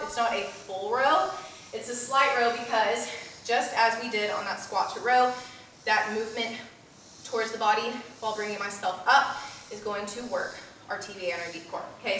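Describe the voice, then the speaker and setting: A young woman leads a live postpartum workout, cueing breaths and reps while a little out of breath and often checking in with "okay?". Her voice is on the high side and a bit bright. The room is very echoey, the mic is at a distance, and there is a little hiss or hum.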